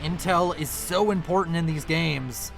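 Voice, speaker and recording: A man with a high-set voice casts a strategy game match in a chatty, running commentary. He often corrects himself and apologizes for his slips. Faint music plays behind him. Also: a little slow, vocal fry. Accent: non-local accent, unnamed. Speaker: game caster.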